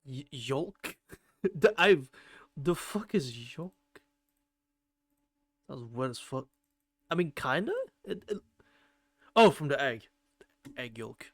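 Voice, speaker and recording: A man's voice: mid-range voice, expressive, takes it slowly, pauses often, no echo, clean studio sound. A man streaming a game and chatting casually with viewers, playful and rambling, swearing now and then. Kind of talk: casual chat while playing a game.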